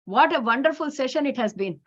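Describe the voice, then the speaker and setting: Indian woman facilitator, high register, insistent delivery, dull lo-fi call sound. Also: fairly quick. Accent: Indian English. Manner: emphatic, repetitive, animated. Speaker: workshop facilitator. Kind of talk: spiritual talk to a women's group. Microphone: video call.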